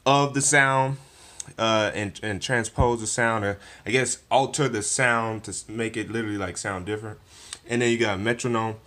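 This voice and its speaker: A man's voice: medium pitch, a bit bright. A young man vlogging in a casual, laid-back way with slangy, self-deprecating asides, recorded in a cluttered room at home. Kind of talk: casual product walkthrough.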